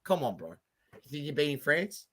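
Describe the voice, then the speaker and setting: A man co-hosting a sports podcast, reacting quickly and excitably in casual banter. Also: on the high side. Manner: excitable, quick reactions, says mate and bro. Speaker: podcast co-host.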